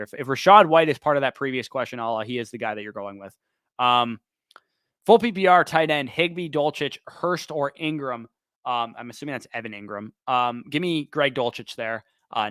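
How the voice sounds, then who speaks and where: A man hosting a livestream Q&A, quickly reading off player choices and picking one, while he is losing his voice. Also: medium pitch, a bit bright, smooth, dry recording. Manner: quick, listing names then picking one. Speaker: fantasy football show host. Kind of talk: livestream Q&A, rapid-fire start/sit answers.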